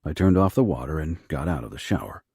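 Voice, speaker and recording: A man narrating a first-person romance audiobook in a low, rough, hushed delivery. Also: animated, quick pace, no echo, studio quality.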